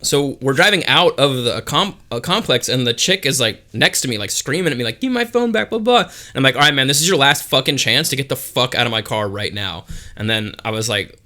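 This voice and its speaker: A young man with a bright, forceful voice tells a story on a casual podcast. He talks fast and swears a lot. He acts out the people in the story as he goes. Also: mid-range voice. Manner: profane, animated retelling with quoted voices. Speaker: podcast co-host.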